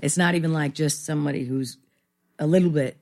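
A woman's voice: low voice, fairly even intonation, brisk, a little mellow. A middle-aged woman actor talking candidly as an interview guest, rambling and self-deprecating with many fillers.

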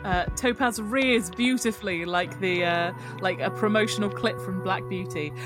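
A woman game master narrating an underwater adventure scene, pausing on fillers as she goes. Clear music runs behind her voice. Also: mid-range voice. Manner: hesitant, frequent fillers, laughs often.

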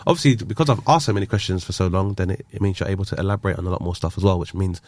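A man's voice: low voice, racing, a little mellow, dry recording. A man, hosting a podcast and telling stories in casual chat. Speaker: podcast host.

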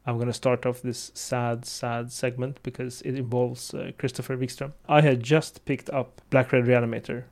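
A man hosting a casual podcast chat, telling stories in an animated way and laughing often. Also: medium pitch, moderate pace, hardly any pauses. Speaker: podcast host.

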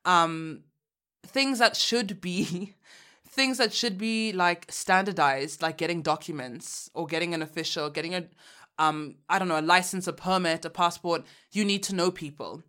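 A woman from Uganda co-hosting a podcast in casual chat, animated and frank, laughing often and using slang. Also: on the low side, moderate pace. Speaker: podcast co-host.

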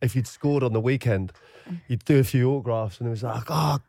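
A man co-hosting a casual podcast chat, wry and mock-offended, talking in an animated way. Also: mid-range voice, quick pace, dry recording. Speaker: podcast co-host.

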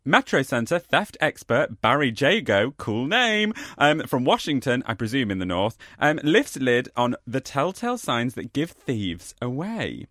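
A man's voice: medium pitch, very animated, measured pace, few pauses, a bit bright, no echo, studio quality. A man co-hosting a podcast in casual chat, with a camp, playful manner of banter. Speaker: podcast co-host.

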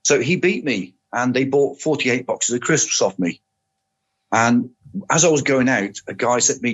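Husky older man telling stories. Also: mid-range voice, animated. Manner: unhurried, matter-of-fact anecdotes. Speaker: podcast guest, former soldier and police officer. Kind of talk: casual storytelling. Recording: dull lo-fi audio.

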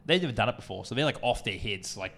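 A man's voice: fairly low pitch, animated, fast talker, gravelly, a bit bright. A young man, co-hosting a podcast and telling a long rambling story, full of swearing and acted-out quotes. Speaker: podcast co-host. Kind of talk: casual storytelling chat.

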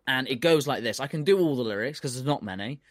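A man's voice: mid-range voice, lively intonation, fast, no room sound, studio quality. A man co-hosting a casual comedy podcast, ranting and swearing a lot as he gets worked up. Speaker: podcast co-host.

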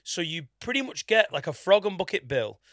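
A man hosting a casual comedy podcast, an animated storyteller who acts out what people said and swears freely. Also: sits high, brisk, dry recording, studio quality. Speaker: podcast host; stand-up comedian.

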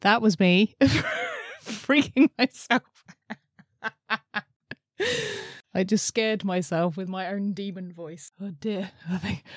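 A woman's voice: lowish voice, a little mellow, dry recording, clean studio sound. A woman hosting her channel, chatting casually to camera from a messy bedroom office, giggling and poking fun at herself. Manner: chatty, giggly, self-deprecating. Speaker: channel host. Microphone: laptop setup with headphones.

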